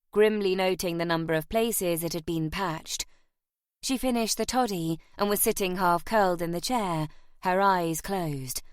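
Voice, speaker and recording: Woman narrator, measured audiobook reading, lower voice, dry. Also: no room sound. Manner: measured, even storytelling. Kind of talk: scripted narration.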